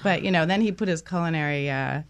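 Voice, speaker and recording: A woman's voice: deep voice, fast talker, smooth, dry recording. A woman, a guest on a talk show, telling stories about family food and travel with frequent laughs.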